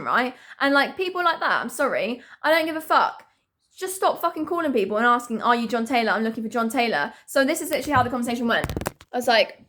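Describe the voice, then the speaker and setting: A woman, telling a story to camera in a blunt, animated way with lots of swearing. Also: on the high side. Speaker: vlogger. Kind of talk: casual storytime vlog.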